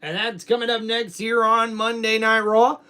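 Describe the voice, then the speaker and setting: A man hosting a live wrestling reaction stream, excitable and laughing often as he chats with viewers. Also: high voice, moderate pace, clear, resonant tone. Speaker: livestream host.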